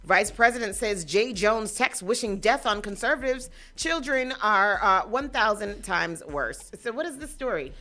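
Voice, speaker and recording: A woman co-hosting a morning radio show, chiming in with quick reactions and reading out headlines. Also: medium pitch, animated, sharp tone. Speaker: radio co-host. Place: radio studio.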